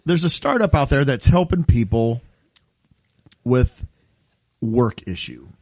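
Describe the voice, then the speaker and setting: A man's voice: mid-range voice, sing-song, slow, darkish tone, no room sound. A man co-hosting a comedy podcast, reading odd news stories aloud and joking about them with frequent laughs. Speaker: podcast co-host. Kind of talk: casual comedy podcast chat.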